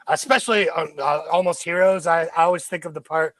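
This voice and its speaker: High-voiced man chatting about movies. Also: brisk, a bit bright. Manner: enthusiastic, quotes lines with laughs. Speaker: podcast co-host. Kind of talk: casual movie review chat.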